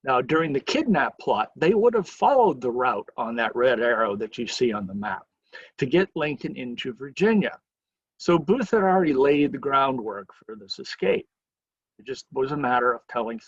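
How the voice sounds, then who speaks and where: A man with a husky, slightly raspy voice leads a history lecture like a lively story, sometimes slipping into the people he quotes. The sound is dry and close, with a dull, slightly muffled tone. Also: mid-range voice, normal speed, no room sound. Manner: lively storyteller who acts out quoted lines. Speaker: museum educator giving a history lecture.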